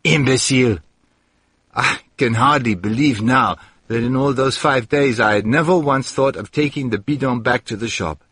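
A man narrating a story in an expressive reading, with heated outbursts in the dialogue. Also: mid-range voice, moderate pace, few pauses, breathy edge, no echo, clean studio sound. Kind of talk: audiobook narration.

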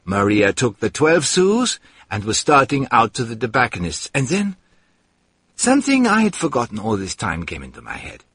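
A man's voice: medium pitch, wildly swooping pitch, normal speed, fairly bright tone, husky, no echo. A man reading a first-person story aloud in a dry, wry storytelling manner. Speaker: narrator. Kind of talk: first-person audiobook narration.

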